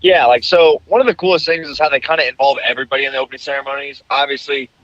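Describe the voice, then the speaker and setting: A man calls in to a podcast and talks fast in a bright, forceful voice. He rambles easily through his stories with plenty of fillers and a slight cough. The call line sounds muffled and a little dull. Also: mid-range voice, no room sound. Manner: relaxed, rambling storytelling with lots of fillers. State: coughing a bit. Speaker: guest motocross racer. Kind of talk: casual podcast chat. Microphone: remote call.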